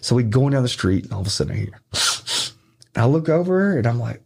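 Husky man telling profane stories. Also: medium pitch, fast talker. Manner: profane, animated storyteller acting out quotes. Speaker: podcast guest. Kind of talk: casual storytelling.

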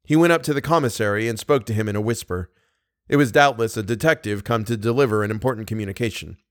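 A man reading a classic novel aloud in steady, even storytelling narration. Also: on the low side, fast, no echo, studio quality. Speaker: audiobook narrator.

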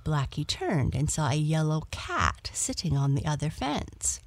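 A woman gently reading a children's bedtime story aloud as the storyteller. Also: deep voice, sing-song, dry recording. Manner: gentle and measured.

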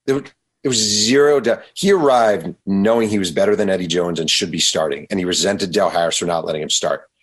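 Husky low-voiced man telling a story. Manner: animated, quick to act out quotes. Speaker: author guest. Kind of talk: storytelling in a radio interview.

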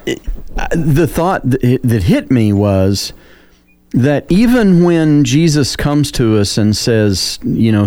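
A man's voice: medium pitch, lively intonation, takes it slowly, warm tone, no echo. A male radio co-host, speaking thoughtfully and searching for words. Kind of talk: reflective radio chat.

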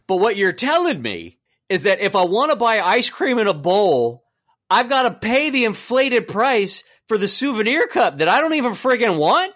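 A man co-hosting a podcast, telling a story in an exasperated, animated rant and mocking the people he quotes. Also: high-pitched, normal speed. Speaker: podcast co-host.

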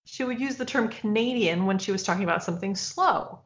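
A woman's voice: medium pitch, a little fast, muffled recording, background noise. A woman in her forties from Michigan, a podcast co-host chatting casually and laughing as she tells a family story. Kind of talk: casual chat.

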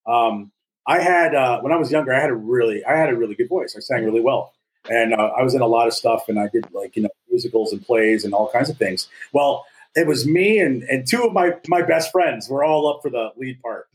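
A man's voice: medium pitch, fairly quick, poor audio. A man in his forties co-hosting a casual podcast, telling stories with jokes and a lot of filler words. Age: 40s. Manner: jokey storyteller, slips into silly put-on voices. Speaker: podcast co-host. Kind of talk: casual chat.

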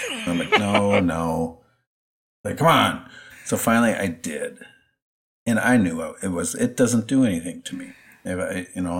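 A man co-hosting a podcast, relaxed and chuckling as he tells a story from the road. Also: deep voice. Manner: relaxed anecdote teller, chuckling. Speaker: podcast co-host, former wrestler. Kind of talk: casual chat.

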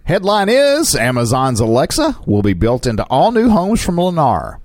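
A male radio co-host reading odd headlines and often tripping over words. His mid-pitched voice has a lively lilt, recorded dry and close. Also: moderate pace, no room sound. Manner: stumbling, chuckling reader. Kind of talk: news headline reading with banter.

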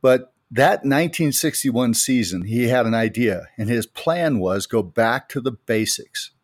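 A man's voice: mid-range voice, animated, unhurried, no echo, clean studio sound. A middle-aged man from the United States, co-hosting a podcast and telling anecdotes with emphasis. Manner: storytelling, emphatic retelling of anecdotes. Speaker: podcast co-host. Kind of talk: casual faith podcast chat.

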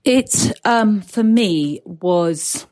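A woman's voice: mid-range voice, animated, extremely slow, a little mellow. Woman, fifties, podcast co-host, eager conversational delivery that trips over its own restarts. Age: 50s. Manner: enthusiastic, restarts words often. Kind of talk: casual podcast chat.

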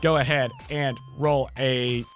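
A man playing game master in casual table play, playful and quick to laugh. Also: medium pitch, steady tone, soft background music.

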